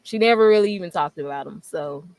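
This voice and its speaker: A woman's voice: lowish voice, fast talker, a little mellow, no echo. A woman, probably in her thirties and a mother, talking frankly and with plenty of swearing as a panelist in a casual group chat, laughing easily between points.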